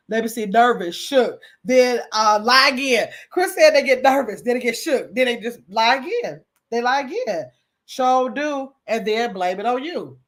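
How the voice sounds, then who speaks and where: Woman chatting on a livestream, kinda high voice, laughs a lot, talks to chat. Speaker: livestream host. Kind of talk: casual livestream chat reading comments.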